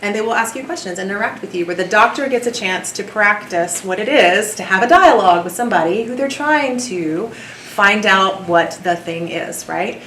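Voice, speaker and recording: A woman with a Southern US accent gives a lively university lecture and chats with her audience, laughing often. She sounds distant, picked up from across an echoey lecture hall. Faint background noise sits under her voice. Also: medium pitch, normal speed. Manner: chatty, animated, laughs often. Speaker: theatre professor giving a lecture.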